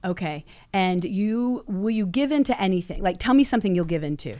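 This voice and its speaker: A woman's voice: medium pitch, expressive, brisk, warm tone, dry recording. A middle-aged woman hosting a casual podcast, playfully quizzing her guest. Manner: playful, quiz-style questioning. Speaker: podcast host and company owner.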